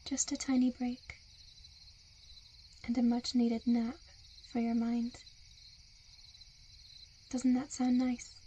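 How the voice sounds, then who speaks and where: A woman in a whispered role-play, with a soft, soothing and coaxing hypnotic murmur. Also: on the high side, monotone, takes it slowly, long pauses, slight background noise. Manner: seductive, coaxing.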